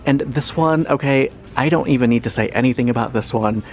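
Chatty young man with gravelly creak. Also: mid-range voice, a little fast, slight background noise. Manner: animated, chatty, with dramatic reactions. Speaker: lifestyle vlogger. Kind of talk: shop-with-me vlog narration. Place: large home decor store.

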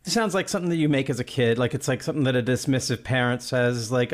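A man hosting a podcast, reading a measured, wry intro and then chatting with his co-host. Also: mid-range voice. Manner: measured, wry, precise wording. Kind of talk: scripted intro, then casual chat.

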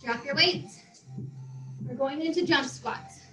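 A woman's voice: sits high, takes it slowly, echoey room, poor audio. A woman fitness instructor leading a workout class, out of breath as she exercises and counts down the reps. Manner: encouraging, counts down reps, talks while exercising. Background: faint music.

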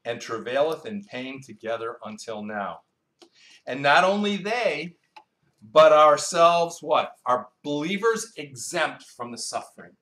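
A man preaching a Bible-teaching sermon in a roomy hall, his voice carrying with a clear echo. He talks conversationally, throws questions at the listeners and often answers them himself, drifting into stories and asides. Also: mid-range voice. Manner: quizzes the congregation, asks and answers its own questions.

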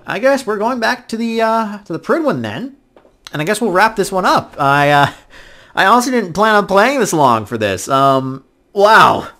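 A man giving casual let's-play commentary, excitable, swinging from mumbling to loud outbursts. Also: sits high, moderate pace. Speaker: gaming YouTuber.

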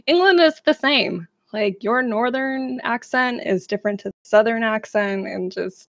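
A woman's voice: fairly high pitch, unhurried, no echo, studio quality. A woman guest on a gaming podcast, chatty and giggly in casual conversation. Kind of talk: casual chat.

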